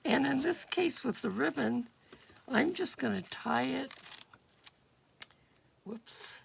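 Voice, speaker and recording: A woman crafting at a table, talking through each step with a gruff morning voice, thinking aloud and sometimes dropping to a whisper. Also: high-pitched, animated. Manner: unhurried, thinking aloud with fillers and drops into whispers while working. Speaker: crafter demonstrating a junk journal project. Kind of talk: casual step-by-step craft demonstration. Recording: clear background noise with clicking of craft tools.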